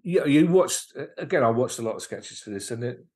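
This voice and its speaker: A man's voice: medium pitch, lively intonation, darkish tone. A man, a guest comedian, chatting casually on a podcast and telling anecdotes, often stopping and restarting mid-sentence. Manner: anecdotal, halting with frequent restarts.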